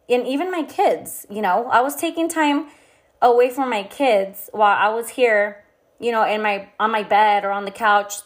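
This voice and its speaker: A young woman talking candidly to camera, telling a personal story in a casual, frank way, full of fillers and swearing. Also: a little high. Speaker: vlogger.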